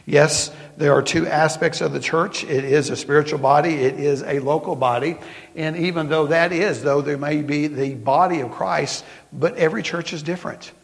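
Man, Southern accent, pastor, folksy sermon, slightly high voice, long echoing hall. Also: fairly even intonation, gravelly. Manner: folksy storytelling preaching, slows for emphasis. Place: church sanctuary.

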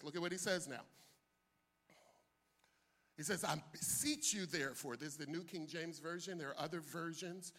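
An older man, a pastor, preaching a sermon with animated delivery that swings from soft asides to loud bursts. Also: on the high side.

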